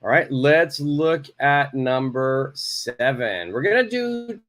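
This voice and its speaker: A man's voice: medium pitch, animated, slow pace, a bit bright. Encouraging male English teacher. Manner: encouraging, reads out viewers' answers and models phrases. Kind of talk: live online English lesson. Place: home.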